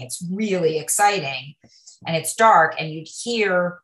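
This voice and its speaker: Middle-aged actress as a talkative interview guest, lowish voice, roomy echo. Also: female voice, a bit bright. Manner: chatty, rambling storyteller with many restarts. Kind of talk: casual interview chat.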